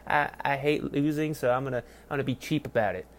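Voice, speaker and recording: A young man hosting a solo football review, talking casually with heavy swearing, rambling and mocking, swinging between loud outbursts and low mutters. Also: fairly quick. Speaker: sports podcast host.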